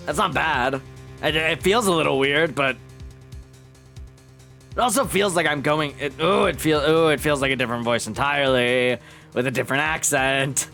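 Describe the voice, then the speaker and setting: A man's voice: on the high side, normal speed, vocal fry, bright, forceful tone, soft background music. A man streaming a game, chatty and thinking aloud, swearing freely as he works out character voices. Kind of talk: casual game stream commentary.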